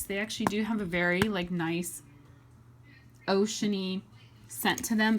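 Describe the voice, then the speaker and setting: A woman's voice: mid-range voice, a little hiss or hum. A woman reviewing wax melts in a casual, chatty vlog, enthusiastic and full of fillers. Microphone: webcam or phone mic.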